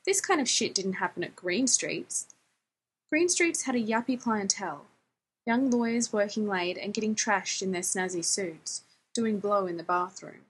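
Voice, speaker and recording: Husky woman narrating fiction. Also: mid-range voice, unhurried. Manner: wry, conversational, profane.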